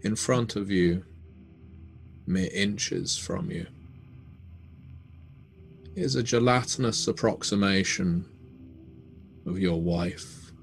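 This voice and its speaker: Deep-voiced man narrating slowly. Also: gravelly, a little hiss or hum. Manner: slow, measured, ominous storytelling. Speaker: game master. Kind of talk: dramatic tabletop game narration.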